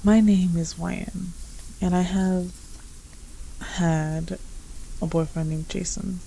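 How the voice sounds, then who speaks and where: A woman voicing a heartbroken young woman who speaks haltingly and tearfully in a fanfic reading. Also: fairly low pitch, little pitch movement, creaky, mellow, slight background noise, rough recording. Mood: hurt.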